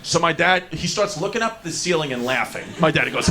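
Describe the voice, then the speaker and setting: A male stand-up comedian telling a story in a brash, profane way, laughing through his own lines and dropping low and gruff to quote his father. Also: expressive, a little fast, hardly any pauses. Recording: stand-up recording under loud noise.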